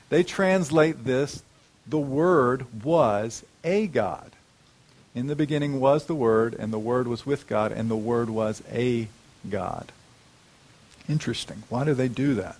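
A man preaching a sermon, asking the congregation questions and slowing down to stress key words. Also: mid-range voice, a little mellow.

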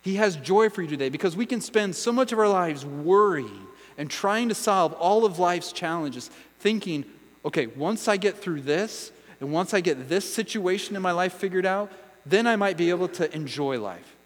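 A man's voice: sits high, expressive, normal speed. Man preaching in a reverberant hall. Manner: earnest, emphatic preaching with dramatic drops to a hush. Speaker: pastor. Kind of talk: sermon. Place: church sanctuary. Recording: hall reverb with mains hum.

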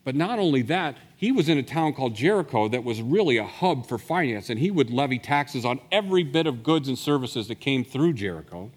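A man preaching a sermon in a church, his mid-pitched voice carrying a long reverb through the hall. He tells the story with animated energy and slips into the voices he quotes. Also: fairly quick, few pauses, breathy edge. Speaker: pastor.

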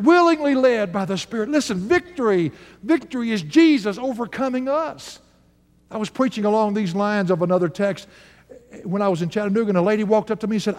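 An older man preaching a sermon, swinging from rising, fervent calls to hushed, slow storytelling. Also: in a large hall. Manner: animated preaching, swinging from high shouts to low hushed storytelling.

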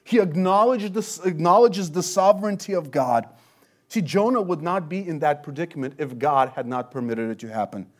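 A man with a high voice preaches a sermon through a passage verse by verse. He speaks earnestly, swelling loud for emphasis and then falling low and soft. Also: moderate pace. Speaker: pastor. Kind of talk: expository sermon.

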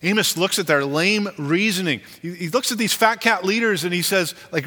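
Pastor preaching in a reverberant hall. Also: male voice, normal speed, hardly any pauses. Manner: animated, acts out quoted leaders with rising pitch. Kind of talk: sermon.

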